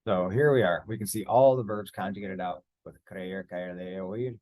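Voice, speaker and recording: Male language teacher, lowish warm voice, patient step-by-step explainer for a screen lesson. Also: normal speed. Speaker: Spanish teacher. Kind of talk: screen-share grammar lesson.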